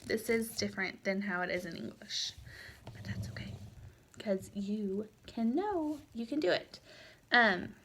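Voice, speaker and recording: A woman's voice: mid-range voice, animated, a little slow, fairly bright tone, slight background noise. A woman teaching a Spanish lesson in a recorded lecture, explaining patiently with frequent fillers.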